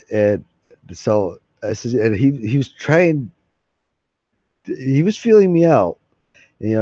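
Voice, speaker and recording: A man's voice: mid-range voice, dark tone, dry recording. A man live streaming, chatting casually to his viewers in a rambling, folksy way and swearing freely. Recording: dull lo-fi mic.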